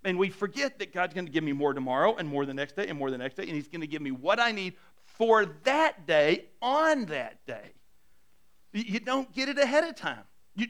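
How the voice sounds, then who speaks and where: High-voiced man preaching a conversational sermon. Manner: conversational preaching, stumbling repeats, drops to a hushed voice for emphasis. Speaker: pastor.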